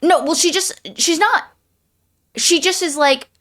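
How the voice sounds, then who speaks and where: A woman's voice: very high-pitched, unhurried, fairly bright tone. A young woman chatting about a novel as a podcast co-host, jumping ahead and trailing into hesitant asides. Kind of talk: casual book discussion.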